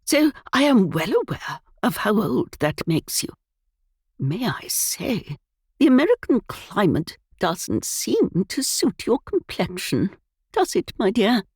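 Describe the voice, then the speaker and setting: A tart, sharp-tongued elderly lady of the manor, put on by a woman reading a storybook. She speaks higher than her reader's own voice, unhurried and cutting, with a breathy edge in a dry, close recording. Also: very animated, no echo, full character voice.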